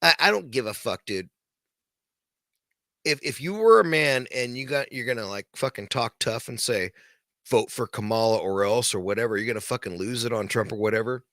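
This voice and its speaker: Bright-voiced man ranting, profane and rambling. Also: medium pitch, animated, fairly quick, no room sound, studio quality. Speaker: podcast host. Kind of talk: casual late-night rant.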